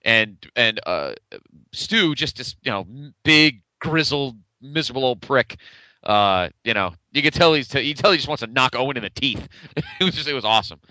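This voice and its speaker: A man's voice: medium pitch, animated, normal speed, bright, forceful tone, dry recording. A man co-hosting a wrestling podcast, enthusiastic and profane, acting out lines from the match as he talks. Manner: enthusiastic, profane, acts out quotes. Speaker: podcast co-host. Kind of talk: casual wrestling recap chat.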